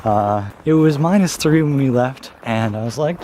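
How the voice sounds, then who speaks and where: A man's voice: medium pitch, a little fast, few pauses, a little mellow. A young man talking casually to his camera in a daily vlog, rambling and laughing often, outdoors on an icy trail and later at home. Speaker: daily vlogger. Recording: noisy handheld camera audio.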